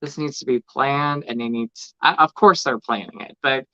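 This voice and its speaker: Earnest male co-host, bright crisp voice, muffled lo-fi mic. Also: medium pitch, moderate pace. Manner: earnest, hesitant, restarts often. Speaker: podcast co-host. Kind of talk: casual livestream chat. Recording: dull lo-fi mic.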